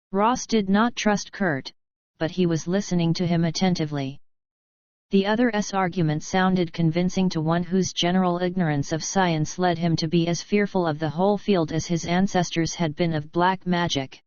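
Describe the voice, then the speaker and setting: A woman narrates an adventure novel at a steady, measured pace. Her voice is low, smooth and clear. The recording is dry and a bit dull. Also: no room sound. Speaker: audiobook narrator. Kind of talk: scripted narration.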